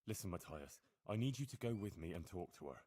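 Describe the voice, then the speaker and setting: An actor voicing a young, dutiful medieval hero who speaks earnestly and plainly in a video game. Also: male voice, low-pitched, expressive, fairly quick, dark tone, a little hiss or hum.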